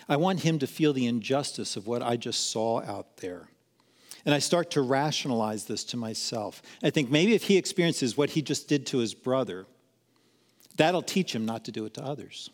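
A middle-aged man speaking at a parenting seminar, telling a candid, self-deprecating personal story in a sermon-like style. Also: mid-range voice. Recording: long hall reverb.

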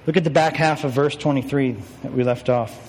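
A man's voice: mid-range voice, steady tone, brisk, a little mellow, in a large hall, slight background noise. A young man preaching a sermon as pastor, talking conversationally with rhetorical questions and self-deprecating asides.

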